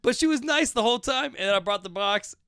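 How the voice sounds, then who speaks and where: A man's voice: very high voice, animated, fast, pushed and bright, smooth, no room sound. A man hosting a podcast, trading crude jokes in casual chat. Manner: crude, joking banter.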